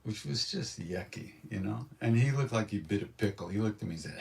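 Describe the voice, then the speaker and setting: An older man tells stories at a spiritual gathering in a low voice. He talks in an animated way and acts out what others said. The mic sits some distance from him. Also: fairly quick, creaky, few pauses. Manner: animated storyteller, acts out quotes. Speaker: spiritual teacher telling stories. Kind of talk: storytelling satsang talk.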